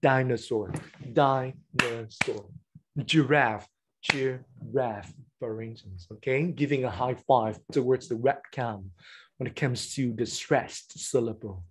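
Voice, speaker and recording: A man's voice: mid-range voice, a little slow, a little mellow, slight background noise. A man whose first language is Vietnamese, running an online teacher-training session over a webcam and explaining classroom games step by step.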